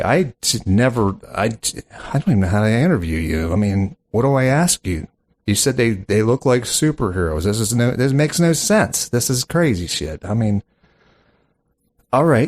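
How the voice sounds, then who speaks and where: A man with a medium-pitched, darkish voice hosts a mock call-in show on a comedy podcast. He sounds flustered and incredulous, stammering as he handles callers.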